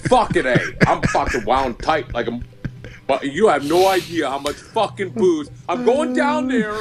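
A man on a podcast, ranting loudly with constant swearing and laughing. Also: on the high side, animated, a little slow, over loud music. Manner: loud, swearing, laughing rant. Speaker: podcast co-host. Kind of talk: profane whiskey rant.

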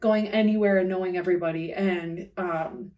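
A woman co-hosting a casual podcast chat remotely, excitable and swearing freely, with a slight lisp from her retainers. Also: on the low side, moderate pace, recorded from a distance. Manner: excitable, swears, heavy use of "like". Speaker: podcast co-host. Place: remote, away from home studio.

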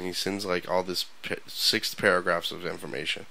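A man co-hosting a loose radio chat show, his low voice bright and forceful as he rambles through stories. He restarts sentences often and keeps an animated, storytelling drive. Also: moderate pace, creaky, few pauses, low-quality recording. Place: radio studio.

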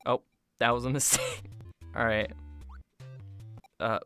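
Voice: mid-range voice, steady tone, slow, pushed and bright, soft background music. A young adult gaming YouTuber giving casual commentary while playing a hard platform game, often yelping and laughing at sudden deaths. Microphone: phone mic.

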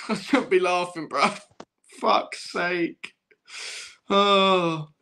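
A young man with a high-pitched, sharp voice drags out his words while hosting a football fan livestream. He keeps up casual chat with viewers, swearing a lot, laughing often and saying "bruv" nonstop.

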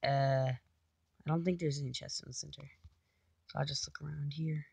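A woman's voice: low voice, fairly even intonation, normal speed, vocal fry, warm tone, slightly rough, no echo. A woman casually commenting on her own gameplay, chatty, talking to herself and repeating silly phrases. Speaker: gamer.

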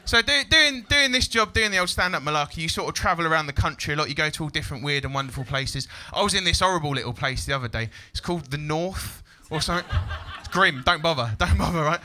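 A man doing a stand-up set in a comedy club, cheeky and animated, shouting out his punchlines. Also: on the high side, fast talker, hardly any pauses, slight background noise.

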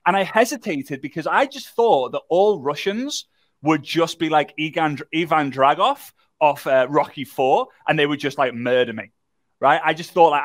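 A man gives a live online workshop. He tells a story in an animated, joking way and talks to his viewers in the chat. His voice sits a little high for a man, and it is recorded dry and close on the microphone. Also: normal speed, no room sound. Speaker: workshop presenter.

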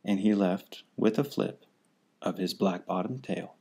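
Guy reading a kids' rhyme book real slow, lowish voice. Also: darkish tone, slightly rough. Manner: unhurried rhyming delivery. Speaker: storybook reader. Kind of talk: children's story read-aloud.

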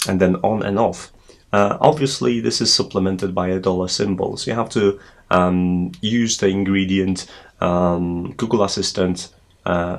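A man's voice: lowish voice, vocal fry. A man hosting a tech tutorial, explaining a setup step by step with frequent hesitations. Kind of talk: screen walkthrough tutorial.

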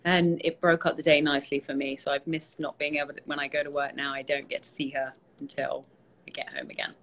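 A tired British woman, an actress, chatting casually with fans on a live stream, relaxed and self-deprecating, with many fillers, speaking into a phone held at arm's length. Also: sits low, fast talker, gravelly, low-quality recording. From Britain. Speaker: actress hosting a fan Q&A.

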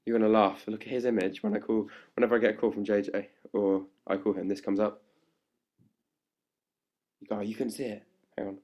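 A young man chatting live to fans on a webcam at home, hyper and playful and growing louder as he goes. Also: lowish voice, little pitch movement, a little fast, long pauses, lo-fi sound. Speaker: livestream host answering fan questions. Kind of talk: casual live webcam chat. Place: indoors at home. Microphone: laptop webcam mic.

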